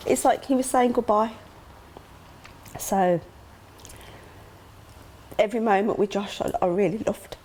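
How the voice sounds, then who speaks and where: A woman's voice: unhurried, pauses often, dark tone, a little hiss or hum. Woman speaking candidly and emotionally. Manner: emotional, acts out quoted dialogue with sudden high gasps. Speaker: interview guest, grieving mother.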